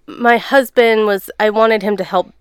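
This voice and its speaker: A woman's voice: mid-range voice, measured pace, smooth, no room sound, clean studio sound. Chatty young woman telling a story. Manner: chatty, laughing, animated storytelling. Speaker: guest sharing birth story. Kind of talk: casual chat.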